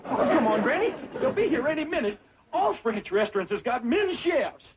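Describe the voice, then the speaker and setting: An actor playing a dim-witted, boastful young country bumpkin with a drawl, goofy and excitable, in 1960s sitcom style. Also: male voice, very high voice, moderate pace, over a noisy crowd, very noisy. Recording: lo-fi 1960s TV audio with laugh track.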